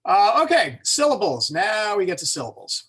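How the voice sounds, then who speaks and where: A man teaching an informal class on pronouncing Latin, relaxed and chatty, joking with his students and slowly sounding words out to show them. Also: high-pitched, husky. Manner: relaxed and chatty, many fillers and self-corrections, joking asides.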